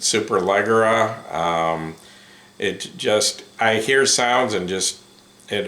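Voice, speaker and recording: A man giving a casual first-impressions review of headphones, unhurried and full of ums and self-corrections. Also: lowish voice, fairly bright tone. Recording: roomy echo.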